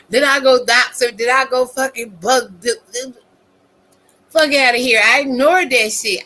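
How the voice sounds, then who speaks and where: Bright-voiced woman ranting to her viewers. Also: on the high side. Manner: profane, animated, talks straight to viewers. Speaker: YouTube commentator. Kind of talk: casual ranting commentary.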